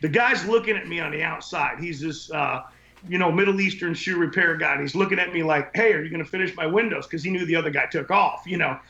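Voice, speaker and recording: A window cleaning business owner appearing as a podcast guest tells casual stories, blunt and profane, rambling from one point to the next. His voice is on the high side, a little fast and sharp, and the recording sounds echoey, dull, and lo-fi.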